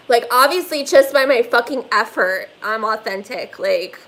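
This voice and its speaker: A woman's voice: fairly high pitch, fairly bright tone, slight background noise, low-quality recording. Rambling, profane woman on a livestream. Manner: rambling, profane, heavy "like" fillers. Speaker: livestream host. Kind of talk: casual livestream chat. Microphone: phone.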